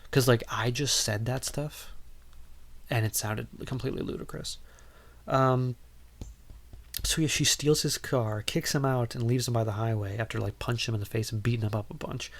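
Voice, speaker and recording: A man's voice: medium pitch, fairly even intonation, fairly quick. A man hosting a podcast, recapping a film in a casual, rambling way with lots of ums and wry asides. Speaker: podcast host.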